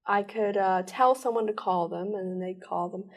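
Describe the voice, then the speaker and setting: A woman giving an earnest personal account in an interview, telling it in rushed bursts. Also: medium pitch. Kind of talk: personal testimony.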